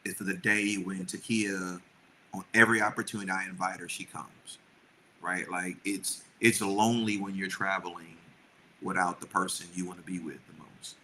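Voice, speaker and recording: A man's voice: sits low, flat delivery, normal speed, pushed and bright, a little hiss or hum, low-quality recording. A middle-aged man who co-hosts a podcast and chats earnestly and at length with his wife, often restarting his sentences. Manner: earnest, rambling with many restarts. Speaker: podcast co-host. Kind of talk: casual chat with his wife.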